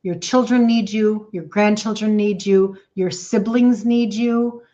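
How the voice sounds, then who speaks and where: A woman's voice: mid-range voice, fairly even intonation, unhurried, mellow, highs cut off. A middle-aged woman, a health coach hosting an emotional livestream talk, speaking emphatically with lots of repetition and greeting viewers by name.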